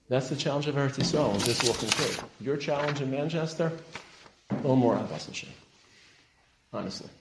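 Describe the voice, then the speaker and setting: Rabbi guy giving a fired-up talk, mid pitch, big roomy echo, gets loud at the peaks. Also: background noise. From Israel. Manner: passionate, rising to loud emphatic peaks, Hebrew terms woven in. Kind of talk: sermon-style lecture.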